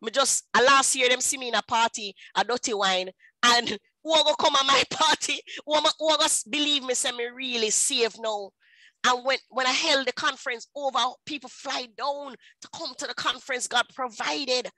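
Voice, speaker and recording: A woman in her thirties with a Jamaican accent, telling her personal testimony in an animated storytelling way and slipping into patois. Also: high-pitched, moderate pace, dry recording, rough recording. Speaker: speaker at a women's ministry.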